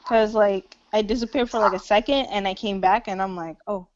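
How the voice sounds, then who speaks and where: Woman chatting casually, mid pitch, kinda muffled audio. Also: steady tone, a little fast, slight background noise. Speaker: live chat participant. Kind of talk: casual chat.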